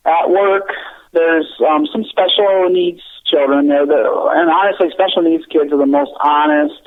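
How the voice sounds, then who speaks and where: Man, guest author, earnest and halting, fairly high voice, phone-line sound. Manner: earnest, halting with many restarts. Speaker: children's book author, guest. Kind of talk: casual interview chat.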